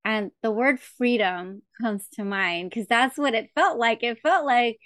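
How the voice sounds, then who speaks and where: A woman's voice: a little high, measured pace, fairly bright tone, dry recording, clean studio sound. A woman hosting a podcast interview who reflects back and affirms what her guest says. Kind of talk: casual interview chat.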